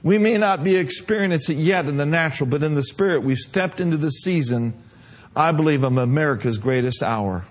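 Pastor, male, fairly high voice, preaching style that builds to shouting. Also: animated, brisk. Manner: preacher reading a vision aloud, building to shouts. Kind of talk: sermon.

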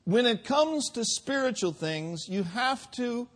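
A man preaching a sermon in a church, with call-and-response and drawn-out emphasis. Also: very high-pitched, animated, fairly bright tone.

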